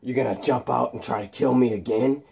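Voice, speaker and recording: A man's voice: medium pitch, steady tone, a little fast, creaky, darkish tone. A man voicing a taunting, threatening male villain. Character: menacing electric male villain.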